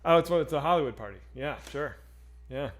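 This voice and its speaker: Man, livestream co-host, casual chat, slightly high voice, loose, laughing. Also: expressive, brisk. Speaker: streamer co-host.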